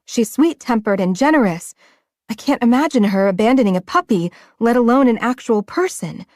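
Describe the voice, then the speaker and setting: A woman narrating a first-person romance audiobook in an emotional, hushed manner. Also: a little high, animated, normal speed, no room sound, studio quality.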